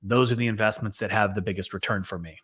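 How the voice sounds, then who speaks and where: A man co-hosting a casual business podcast, giving earnest, steady advice. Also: on the low side, fast talker, breathy edge. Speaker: co-host, business coach.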